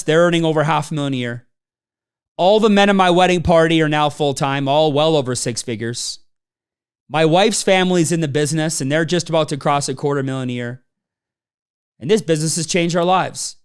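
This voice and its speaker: High, clear-voiced man telling stories. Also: normal speed. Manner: storytelling, acts out quoted people. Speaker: business trainer. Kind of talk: motivational talk to a live audience.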